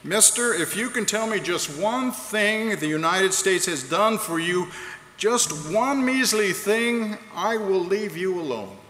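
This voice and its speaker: A man's voice: high voice, animated, slow, bright, forceful tone, pitched above the performer's own voice, heavily acted. A man voicing a pushy male political activist, speaking in a goading, emphatic way inside a sermon. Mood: taunting. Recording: echoey hall, faint background noise.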